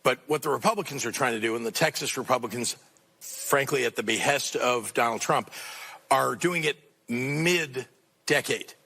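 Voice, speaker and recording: Male radio guest, gravelly and forceful, emphatic with some hesitation. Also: mid-range voice, moderate pace. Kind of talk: radio interview.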